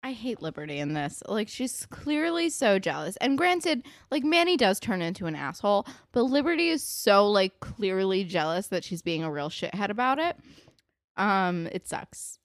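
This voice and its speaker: A young woman casually discussing a TV show with a friend, animated and indignant, with plenty of "um" and "like". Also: normal speed, no room sound, studio quality. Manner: animated, indignant, swoops up in pitch, many fillers. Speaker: podcast co-host. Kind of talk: casual chat.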